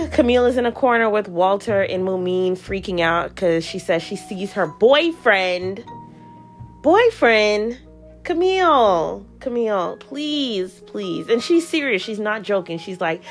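A woman hosting a podcast, recapping a reality show in a chatty, animated way, laughing often and acting out what people said. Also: mid-range voice, moderate pace, hardly any pauses, faint music behind. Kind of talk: casual recap commentary.

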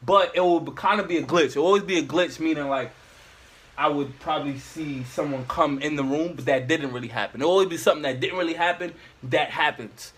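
A man's voice: a little high, a little fast, fairly bright tone, a little hiss or hum. A young man casually telling a rambling, slangy story to friends.

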